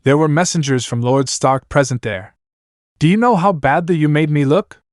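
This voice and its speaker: Gruff, mocking older nobleman, raised and loud, read by a man putting on the voice. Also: a little high, moderate pace, dry recording, studio quality, voice pushed up, natural voice. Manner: commanding, blunt, mocking. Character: stern older male noble lord, gruff commander.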